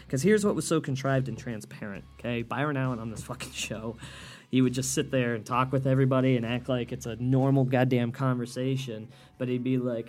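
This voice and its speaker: A man hosts a solo comedy podcast, ranting heatedly and swearing often. His voice sits at a middle pitch. Faint music plays underneath. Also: fairly even intonation, brisk. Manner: profane, heated ranting with mocking impressions. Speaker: podcast host.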